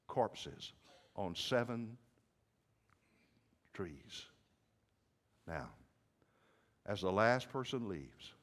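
A male preacher unfolds a story in a dramatic sermon. He swings from hushed murmurs to sudden shouts. His pitch moves in lively swoops, and his words echo in a hall with long reverb.

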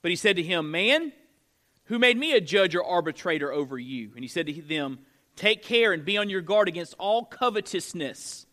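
A middle-aged man pastor preaching a sermon, emphatic and swinging between loud declarations and hushed low lines. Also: very animated, normal speed.

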